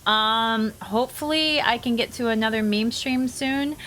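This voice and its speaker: A woman's voice: fairly high pitch, measured pace, fairly bright tone, slight background noise. An American woman chatting casually and giggling while streaming a game, with lots of "like" fillers. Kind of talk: casual live-stream chat.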